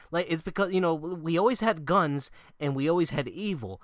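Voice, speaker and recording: A man's voice: fairly high pitch, lively intonation, brisk, hardly any pauses, a bit bright, no room sound, clean studio sound. A man vlogging about gaming news in a casual, profane rant, mocking the people he disagrees with.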